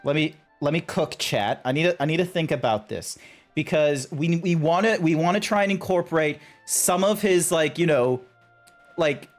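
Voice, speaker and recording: A man chatting casually to his stream chat as a game streamer, animated and joking. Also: on the high side, normal speed, faint music behind. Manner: animated, chatty, talks to chat, frequent laughs and restarts.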